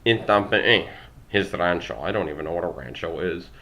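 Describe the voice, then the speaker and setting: Low-voiced young guy reading a language book out loud, self-deprecating, tripping over words. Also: expressive, moderate pace, a little hiss or hum. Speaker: language learner vlogger. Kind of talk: reading a textbook aloud with asides.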